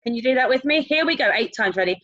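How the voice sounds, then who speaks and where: A woman teacher leads a young children's music lesson over a screen share, her voice pitched on the high side and swooping up and down as she cheers them on. The recording is dry and a little dull and lo-fi. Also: quick pace, dry recording. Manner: animated, encouraging, sing-song questions. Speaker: primary school teacher.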